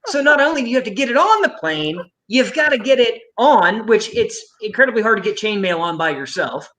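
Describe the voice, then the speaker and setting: A man's voice: high voice, very animated, brisk, a crowd in the background. A man on a casual podcast, skeptically arguing that a scenario is ridiculous. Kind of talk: casual chat.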